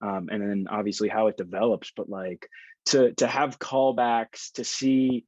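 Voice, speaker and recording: A man's voice: fairly low pitch, fairly even intonation, unhurried, darkish tone, no echo, dull audio. A man appearing as a podcast guest, talking in a rambling, heartfelt way with many fillers. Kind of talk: casual podcast chat.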